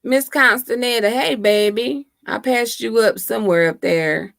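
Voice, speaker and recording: A livestream host chats casually with her viewers from home, laughing and teasing them as she talks into her laptop microphone. Her voice is a little high, a bit bright, gravelly and slightly slow, and the sound is clean and studio-like with no room noise.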